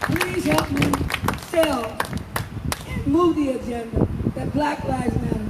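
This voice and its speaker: An older woman with a high voice delivers a fervent street rally speech, hammering her points home by repeating them. She is picked up from a distance, with an echoey open-air sound and heavy traffic noise behind her. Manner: emphatic, repeating phrases for effect. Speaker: speaker at a protest rally.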